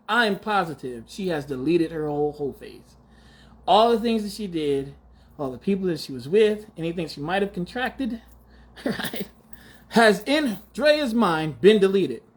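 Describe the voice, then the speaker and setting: A man's voice: high-pitched, sing-song, measured pace, breathy edge. A man in his forties hosting a podcast, talking in a casual, slangy, mock-outraged monologue with frequent laughter. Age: 40s. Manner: slangy, teasing. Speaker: podcast host.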